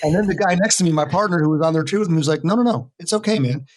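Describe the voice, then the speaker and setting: A middle-aged American man, a veteran mental health worker, is a guest on a podcast interview. His somewhat high voice races along, earnest and emphatic in casual conversation, in a dry recording.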